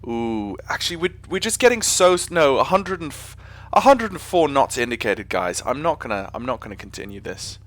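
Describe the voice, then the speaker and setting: A man's voice: mid-range voice, very animated, brisk, few pauses, fairly bright tone. A man with an English accent chatting casually on a live stream while flying a simulator, rambling and often correcting himself. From England. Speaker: flight sim streamer.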